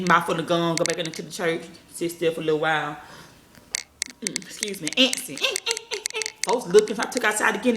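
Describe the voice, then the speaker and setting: With background noise in an echoey small room at home, a parenting vlogger rambles casually to her viewers, addressing them as "y'all" and cursing freely. Her voice is on the lower side.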